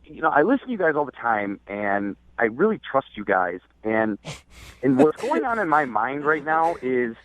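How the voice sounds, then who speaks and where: A man's voice: mid-range voice, very animated, moderate pace. A young adult man calling in to a radio show, telling a dating story in a hesitant, rambling way full of fillers. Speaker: caller. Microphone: telephone. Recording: tinny dry phone line.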